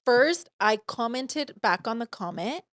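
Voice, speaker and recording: A young woman co-hosting a podcast, telling a story in animated, profane casual chat and acting out the voices she quotes. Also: fairly high pitch, a little slow. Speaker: podcast co-host. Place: podcast studio.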